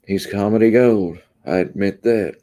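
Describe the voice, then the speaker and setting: A man chats easily with viewers on a livestream, in a deep, dark voice. He drawls and pauses often, taking comments at an unhurried pace. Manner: laid-back, drawling, trailing off with ums. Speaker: livestream host. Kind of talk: casual livestream chat reading comments.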